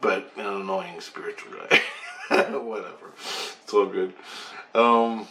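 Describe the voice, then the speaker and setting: A man's voice: fairly low pitch, steady tone, slow. A man casually telling a personal story in a loose, rambling way, with swearing and asides. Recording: roomy echo, faint background hum.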